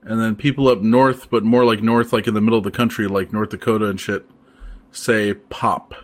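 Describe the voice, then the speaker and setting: A man hosting a casual podcast chat, talking in a relaxed, rambling way with plenty of fillers. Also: fairly low pitch, normal speed. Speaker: podcast host.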